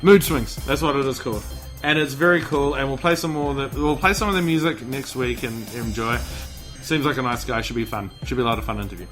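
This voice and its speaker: Bright-voiced rambling podcast host man. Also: mid-range voice, quick pace, soft background music. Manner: rambling, lots of restarts. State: buzzing on caffeine. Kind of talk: casual chat.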